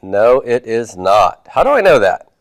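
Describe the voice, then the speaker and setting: A man's voice: mid-range voice, big pitch swings, a little slow, dry recording. A man teaching a Hebrew class, reviewing homework and patiently asking his students questions before answering them himself.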